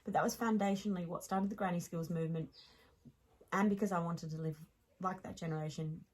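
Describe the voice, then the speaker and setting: A woman with an Australian accent, a podcast guest telling stories in casual chat, animated, laughing often and restarting sentences. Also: on the low side, brisk, breathy edge, rough recording.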